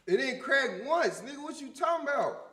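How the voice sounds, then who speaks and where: A man with a Memphis accent, co-hosting a live reaction stream, talking loud and profane in heated casual banter. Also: very high-pitched, big pitch swings, brisk, echoey room. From Memphis, USA. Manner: loud, big-mouthed, profane, argumentative.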